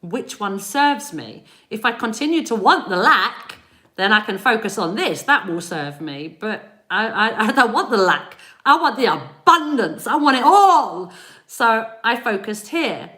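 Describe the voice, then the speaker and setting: A woman's voice: fairly high pitch, big pitch swings, a little slow, pushed and bright. A British woman hosting a live spiritual reading stream, chatting casually, greeting viewers by name and laughing often. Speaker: spiritual reader and livestream host. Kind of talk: casual livestream chat. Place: home in Spain.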